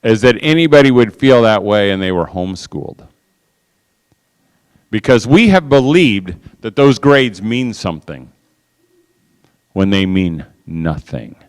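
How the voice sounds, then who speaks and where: Animated male speaker, smooth and resonant, acts out every voice in his stories. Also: lowish voice, measured pace, pauses often, long reverb tail. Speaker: conference speaker. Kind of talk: storytelling talk to an audience.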